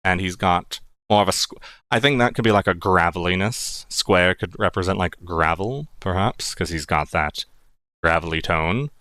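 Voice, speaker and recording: Man doing a gravelly old wanderer. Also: bright, forceful tone, no room sound. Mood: musing. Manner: slow, low, forward-placed. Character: gravelly old man who keeps turning up.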